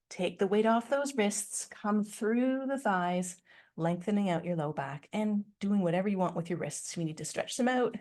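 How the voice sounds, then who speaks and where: A woman's voice: mid-range voice, a little mellow. Woman giving a guided Pilates class. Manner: encouraging, laughs often, corrects herself. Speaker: Pilates instructor. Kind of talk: guided exercise class instruction.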